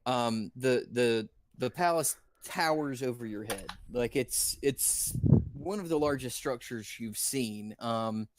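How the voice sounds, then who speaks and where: A man narrating a tabletop game as dungeon master, halting often with fillers. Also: mid-range voice, no echo. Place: indoor stream room.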